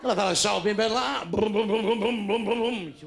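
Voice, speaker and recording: An older man works a comedy club stage in front of an audience, telling crude stand-up jokes, acting out voices, and landing blunt punchlines. His voice is high and creaky and he talks at a quick pace, with slight background noise.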